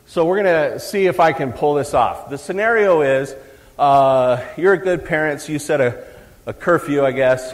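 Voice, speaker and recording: A middle-aged man giving a live talk on parenting to an audience, chatty and joking with the crowd. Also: medium pitch. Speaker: psychologist speaking at a parenting event. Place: large hall, live event. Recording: long hall reverb.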